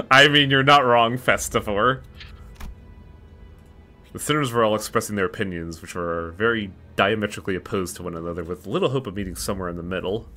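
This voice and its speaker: Bright-voiced low male streamer. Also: fairly quick. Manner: chatty, reads game text aloud. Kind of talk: casual let's-play commentary.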